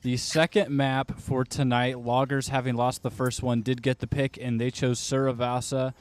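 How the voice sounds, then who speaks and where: Male co-caster, mid pitch, flat and measured delivery. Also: dry recording. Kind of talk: match commentary.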